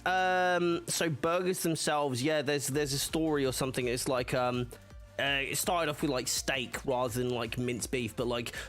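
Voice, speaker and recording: The man hosting this livestream has a medium pitch and a fairly bright tone. He reads live chat and tells loose, wandering stories, laughing a lot and using plenty of filler words.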